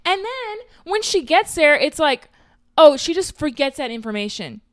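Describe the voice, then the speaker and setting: A young woman co-hosting a movie podcast, talking in an animated, casual way, swearing freely and laughing often. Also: high-pitched, moderate pace, no echo, clean studio sound. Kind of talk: casual chat.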